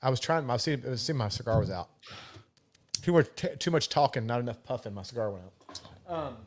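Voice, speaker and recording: A man's voice: medium pitch, lively intonation, a little fast. A middle-aged man co-hosting a live podcast in casual, talkative chat, swearing freely and laughing easily. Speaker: podcast co-host.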